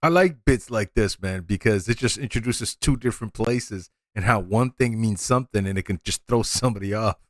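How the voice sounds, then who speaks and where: A man's voice: on the low side, a little fast, hardly any pauses, dry recording, studio quality. An American man hosting a reaction video, chatting in a laid-back, casual way. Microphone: studio microphone.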